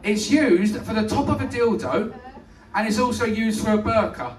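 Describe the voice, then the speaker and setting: A man's voice: sits high, animated, moderate pace, far from the mic. A British man hosting a comedy night, telling crude jokes and bantering brashly with the crowd. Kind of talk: live stand-up, compering. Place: comedy club stage. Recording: echoey club heard from afar. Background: audience laughter.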